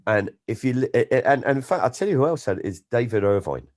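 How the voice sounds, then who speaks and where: A man, a comedian, chatting as an interview guest and telling stories in an animated way, often slipping into impressions. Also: medium pitch, quick pace. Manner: animated storyteller, slips into impressions. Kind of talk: casual interview chat.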